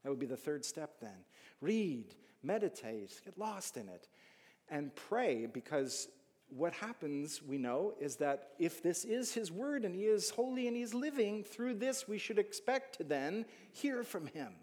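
A male pastor delivering a sermon with a slightly high voice that carries a long hall reverb. He preaches in an animated way, moving between loud, emphatic bursts and quiet, hushed asides. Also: a little slow.

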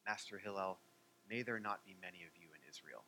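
A man's voice: low-pitched, a little fast, bright, forceful tone, slight background noise, voice pushed down, poor audio. A man doing a brash, rude bettor. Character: brash, rude adult man out to win a bet.

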